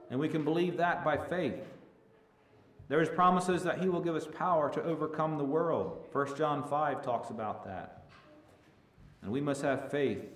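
A male preacher giving a sermon who swells from hushed to loud and stretches key words. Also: mid-range voice, a little hiss or hum. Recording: echoey room with faint ambience.

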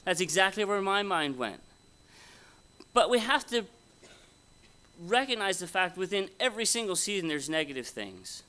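Casting: male preacher, somewhat high, bright voice, folksy and conversational. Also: big pitch swings, normal speed, pauses often, clear, resonant tone. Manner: conversational, folksy, asks the audience questions. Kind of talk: sermon. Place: conference hall before an audience.

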